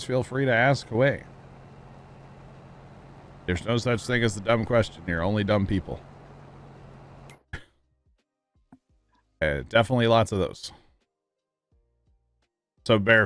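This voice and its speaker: A man's voice: on the low side, a bit bright. A man with a Missouri accent hosting a gaming livestream, chatting casually and joking with a folksy drawl. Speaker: livestream host. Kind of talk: casual gaming stream chat.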